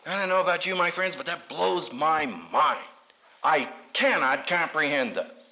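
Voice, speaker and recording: A man preaching a sermon with a bright, high voice that swings widely in pitch. He leans into drama, acts out the voices he quotes, and drops humorous asides. The recording sounds dull and lo-fi. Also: lively intonation, unhurried.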